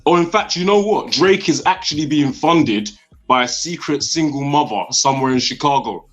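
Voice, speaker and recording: A man's voice: a little high, expressive, moderate pace, soft background music. Sarcastic man arguing. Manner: sarcastic, argumentative, tag questions. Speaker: construction worker, debate guest. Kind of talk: heated debate. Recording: slightly dull sound.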